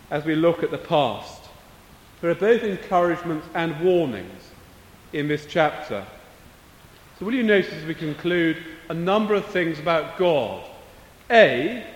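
A man preaching a sermon, slow and measured, coughing now and then. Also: fairly high pitch. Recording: echoey hall, voice from a distance.

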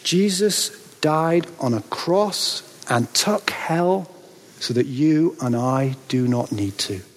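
High-voiced preacher in a reverberant hall. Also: male voice, expressive. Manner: dramatic, rhetorical questions, pauses for effect. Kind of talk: sermon. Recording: long reverb of a large hall.

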